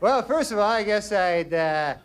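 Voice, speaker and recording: A man's voice: high-pitched, animated. Man doing a sleazy, creepy bachelor. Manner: sleazy, slow, insinuating. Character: creepy shambling male dating-show bachelor.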